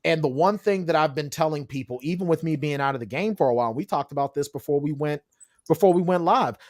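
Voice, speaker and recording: An author guest on a video call chats casually, telling stories with energy and acting out the people he quotes. His voice is fairly high and he speaks fast.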